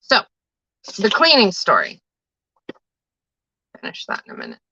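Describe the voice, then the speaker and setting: A woman's voice: medium pitch, wildly swooping pitch, measured pace, vocal fry, bright, forceful tone, breathy edge, dry recording, highs cut off. A woman hosting a casual live stream, rambling through chatty stories and swearing now and then. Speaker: livestream host and tarot reader.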